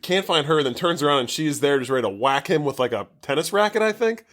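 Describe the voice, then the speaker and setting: A man's voice: on the high side, animated, fast, fairly bright tone. A man co-hosting a podcast, casually recapping a movie plot in a rambling way, swearing freely and saying "like" constantly. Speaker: podcast co-host.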